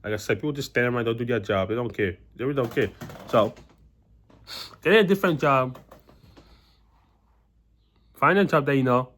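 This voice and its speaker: A man's voice: medium pitch, moderate pace, pauses often, a bit bright. A young man vlogging casually about his own experiences, rambling with lots of restarts and fillers. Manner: rambling, many restarts and "you know" fillers. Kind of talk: casual personal storytelling to camera.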